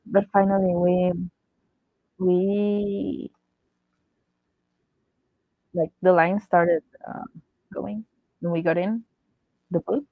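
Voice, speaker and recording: Woman vlogger, excitable fan storyteller with lots of giggles, heard over a tinny phone-like line. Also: mid-range voice, measured pace, pauses often, no echo. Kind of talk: casual story time.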